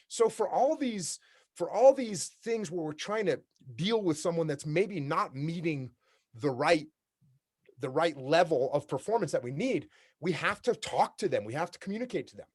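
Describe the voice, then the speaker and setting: Man, keynote speaker, fairly high voice for a man, blunt and plain-spoken, acts out workplace exchanges. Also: expressive, normal speed, a little mellow, husky. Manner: direct, repetitive, acts out workplace dialogues. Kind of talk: leadership keynote talk. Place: remote talk for a virtual summit.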